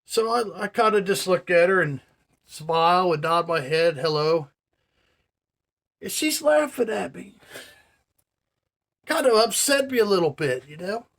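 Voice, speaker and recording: A man on a vlog spins a story and slides into a profane rant, checking in with his viewers as he goes. His voice sits a bit on the high side. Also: lively intonation, moderate pace, a bit bright. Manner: profane, ranting, addresses viewers directly. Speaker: vlogger. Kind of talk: casual storytelling rant to camera.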